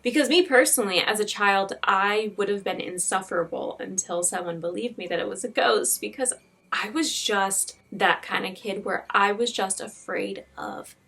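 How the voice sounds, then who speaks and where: A woman's voice: mid-range voice, moderate pace, gravelly, a bit bright, breathy edge. A woman host giving a chatty reaction to a clip before introducing the next one. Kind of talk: casual commentary.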